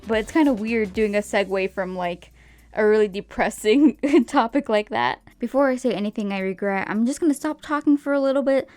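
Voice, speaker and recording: A woman's voice: on the high side, a little fast, a little mellow, no echo, clean studio sound. A young woman doing a chatty, rambling voiceover with many fillers and little laughs. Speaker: art youtuber. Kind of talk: casual voiceover narration. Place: home, voice-over over a speed paint. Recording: voice-over with faint background music.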